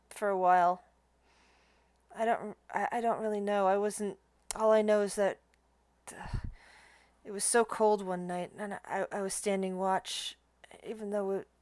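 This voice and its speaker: A woman voicing the ghost of a male soldier who talks softly and haltingly. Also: fairly high pitch, clear, resonant tone, lightly acted. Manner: hesitant, soft, halting.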